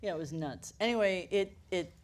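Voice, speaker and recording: A woman's voice: on the low side, normal speed, crowd noise. A woman who manages a camera rental house tells stories on a panel, acting out the quoted lines and laughing often. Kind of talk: panel discussion storytelling.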